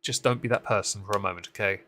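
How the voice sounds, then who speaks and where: A man chatting through the week's political news on a live stream, heavy on sarcasm and dry mockery. His voice is bright and forceful, right up on a desk microphone. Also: lowish voice, steady tone, fast, slight background noise. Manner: sarcastic, mocking asides. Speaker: co-host of a political recap show.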